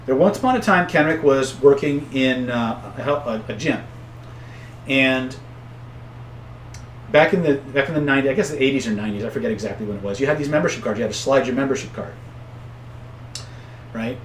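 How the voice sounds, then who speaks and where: A man coaching viewers on influence in a casual live-stream, often tagging points with "right?" and shouting out angry characters when he tells stories. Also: mid-range voice, animated, brisk, long pauses, roomy sound, a little hiss or hum. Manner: conversational, tags points with "right?"; acts out angry voices loudly in stories. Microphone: own camera setup.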